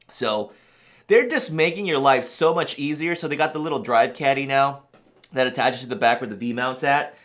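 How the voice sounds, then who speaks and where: A man hosting a camera vlog talks in a rambling, excitable way, often laughing in disbelief. His voice sits at an ordinary mid pitch. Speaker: camera channel host. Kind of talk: excited casual reaction vlog.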